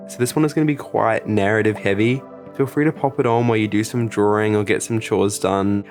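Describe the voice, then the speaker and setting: Brief: male channel host, low voice, playful and dramatic chat to camera.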